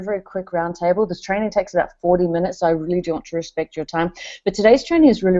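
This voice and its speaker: A woman hosting a live online training session, warmly calling her students darling and sweetheart. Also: fairly low pitch. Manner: affectionate, calls everyone darling and sweetheart. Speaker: online coaching host. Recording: dull lo-fi webinar audio.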